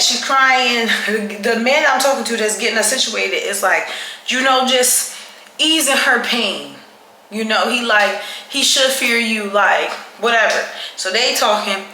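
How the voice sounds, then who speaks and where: A woman vlogger recounts her day in a lively, chatty way with a bright voice. The room is echoey and there is a faint hum behind her. She sits somewhat high in pitch. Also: normal speed. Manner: animated, chatty, with dramatic retelling. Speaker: travel vlogger. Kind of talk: casual storytelling to camera. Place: indoors at night during her night routine.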